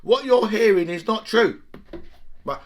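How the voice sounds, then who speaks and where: A man's voice: high-pitched, animated, a little slow. A man giving heated political commentary. He talks emphatically, swears, and keeps asking "right?".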